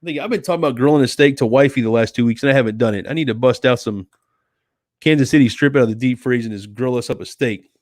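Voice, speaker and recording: Reading viewer comments aloud at a quick pace, a laid-back American man hosts a late-night stream from home and answers chattily, calling folks "sweetie" and "dude." His mid-pitched voice is recorded close and dry, without room echo.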